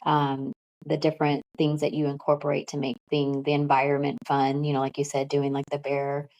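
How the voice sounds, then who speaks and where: A woman hosting an interview podcast, calm and even, with many relaxed fillers. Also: deep voice, brisk, rough recording. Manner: calm, self-described monotone. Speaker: podcast host. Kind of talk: casual interview.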